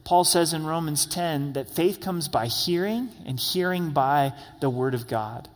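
Pastor, male, slightly high voice, earnest conversational preaching, long hall reverb. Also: unhurried. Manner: earnest, conversational, rising to emphatic questions. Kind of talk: expository sermon.

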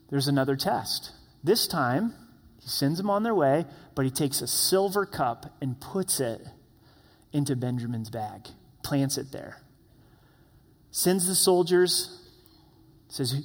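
A man's voice: fairly high pitch, moderate pace. Earnest male pastor preaching in a hall. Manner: earnest, acts out quoted voices. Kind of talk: sermon.

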